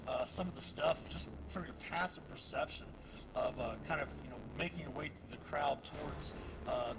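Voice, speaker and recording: A game master narrates the scene in halting bursts, hanging on "uh" between phrases. His voice is slightly high and very gravelly, and music plays behind. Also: rough recording. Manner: halting narration with many fillers. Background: background music.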